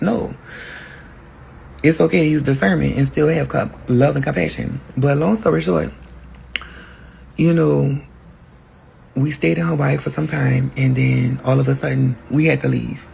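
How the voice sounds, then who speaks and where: A podcast host telling a personal story in a candid, profane, animated way. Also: male voice, fairly high pitch, gravelly, slight background noise.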